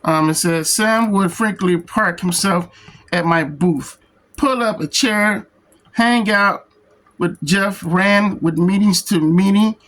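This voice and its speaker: The voice is a man's, high and a bit bright, captured in a rough recording. Reviewing a comic book, he reads the printed text out loud in a slow, halting way, stumbling and then restarting on words.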